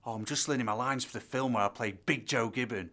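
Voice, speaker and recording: A man's voice: mid-range voice, fast, pushed and bright. A man playing a vain, dim aspiring actor, earnest and self-important.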